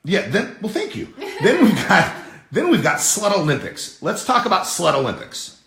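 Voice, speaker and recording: Gravelly, animated male podcast host. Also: high voice, moderate pace, reverberant. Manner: joking, laughs often, interrupts. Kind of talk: casual chat.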